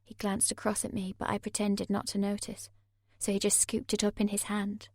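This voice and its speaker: A woman narrating a thriller audiobook in the first person, measured and tense. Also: mid-range voice, completely flat delivery, no echo, studio quality.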